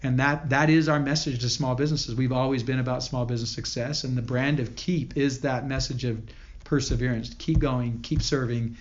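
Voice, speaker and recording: Earnest man telling a story, halting. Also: medium pitch, fairly even intonation. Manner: earnest, halting with many restarts. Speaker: podcast guest, company founder. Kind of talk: storytelling interview. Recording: dull lo-fi audio.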